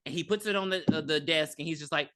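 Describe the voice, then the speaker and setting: Animated, bright-voiced podcast co-host. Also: mid-range voice, fast talker. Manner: animated storyteller, swears freely. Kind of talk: casual movie recap chat.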